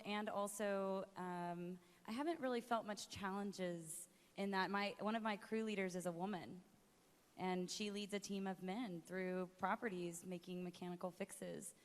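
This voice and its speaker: A woman panelist answers with candid good cheer. Her voice is mid-pitched, and the long echo of a large hall follows her words. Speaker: panelist, entrepreneur.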